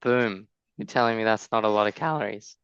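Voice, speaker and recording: A man with a South African accent, co-hosting a podcast in relaxed casual chat and often restarting his sentences. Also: lowish voice, a little fast, clear, resonant tone, dry recording, lo-fi sound. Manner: laid-back, hesitant, restarts a lot. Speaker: podcast co-host.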